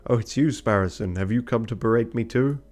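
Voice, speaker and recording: A man's voice: medium pitch, brisk, a little mellow, soft background music, natural voice. A man voicing a proud, touchy bird lawyer who sounds exasperated and flustered. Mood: frustrated.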